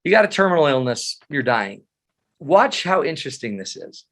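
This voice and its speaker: A man's voice: on the high side, sing-song, normal speed, fairly bright tone. A middle-aged man giving a webinar talk on psychology, telling stories with humor and animation. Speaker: presenter.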